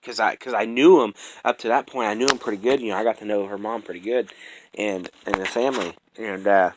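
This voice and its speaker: A man's voice: lowish voice, steady tone, a little fast, noisy background. A young man telling his own life story in casual chat, rambling and profane with many restarts, earnest and close to emotion.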